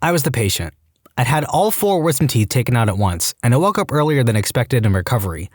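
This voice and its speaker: A man's voice: mid-range voice, quick pace, no echo, studio quality. A man narrating online stories in a scripted way, acting out the quoted lines in different voices. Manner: lively, acts out quoted lines in shifting voices.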